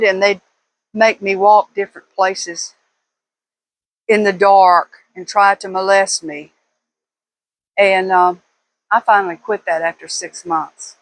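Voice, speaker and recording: A woman's voice: mid-range voice, poor audio. Older woman rambling through memories. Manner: rambling, reminiscing, with slow pauses and fillers. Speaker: vlogger. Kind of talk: casual monologue to viewers.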